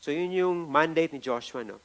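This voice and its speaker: Filipino-accented male pastor, fairly high voice, emphatic sermon delivery with frequent tag questions. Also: a little fast. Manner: emphatic preaching, repeats phrases, tag "no?" often.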